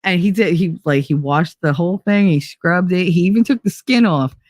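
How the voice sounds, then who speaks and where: A woman's voice: fairly low pitch, moderate pace, a little mellow, dry recording. Chatty woman, dry close sound. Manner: rambling, filler-heavy storytelling. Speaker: podcast host. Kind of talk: casual chat.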